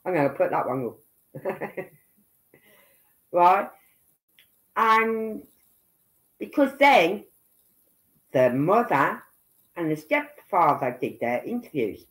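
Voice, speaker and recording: Chatty Brummie woman, slow and easygoing. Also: lowish voice, very animated. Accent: Brummie (Birmingham). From England. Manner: chatty, thinks aloud, frequent "right?". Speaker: livestream commentator. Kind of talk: casual livestream chat.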